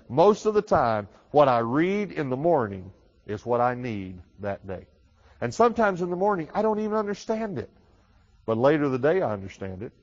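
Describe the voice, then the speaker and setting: Man preaching with big swings in volume. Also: very animated. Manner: dynamic preaching, rises loud on key phrases then drops low and quick; repeats words and restarts often, conversational. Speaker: pastor. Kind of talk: sermon. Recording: dull reverberant hall recording.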